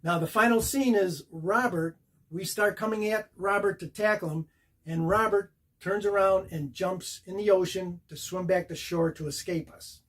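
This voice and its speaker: Husky, higher-voiced older man telling stories. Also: moderate pace. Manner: animated, acts out the scene beat by beat. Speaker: actor telling a career story. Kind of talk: casual storytelling to camera.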